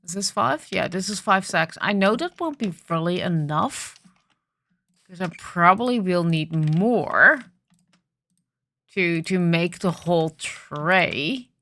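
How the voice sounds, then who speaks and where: Slow, bright-toned woman, morning voice, casual gameplay commentator who thinks aloud. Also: lowish voice, animated. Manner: thinking aloud, frequent ums and restarts. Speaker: gaming video host.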